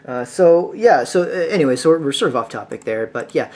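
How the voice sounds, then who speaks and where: A man's voice: medium pitch, expressive, a little fast, darkish tone. A man hosting a casual music podcast, rambling with lots of filler words and restarts. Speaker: podcast host. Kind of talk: casual solo podcast talk.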